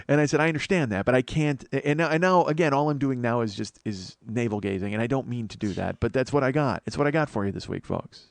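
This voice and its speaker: A sleep-deprived podcast host rambles fast through a self-deprecating comedy monologue, swearing and restarting constantly. His voice is mid-range and creaky, with no room sound.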